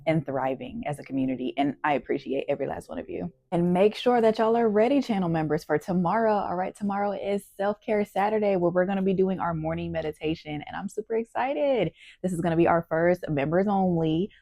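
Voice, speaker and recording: A woman host wrapping up her show, talking warmly and directly to her viewers. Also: on the low side, a little fast, vocal fry, hardly any pauses. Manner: friendly, addresses viewers directly. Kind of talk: channel outro.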